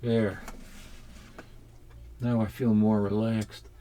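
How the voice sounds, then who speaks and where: A man chatting casually while unboxing comics at home, rambling and halting, with the odd swear word. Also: lowish voice, little pitch movement, mellow, slight background noise. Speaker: comics collector vlogger.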